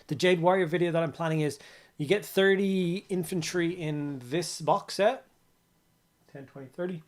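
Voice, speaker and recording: A man's voice: on the high side, moderate pace. A man hosting a casual livestream, chatting with viewers while he builds models and greeting them with repeated hellos. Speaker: livestream host.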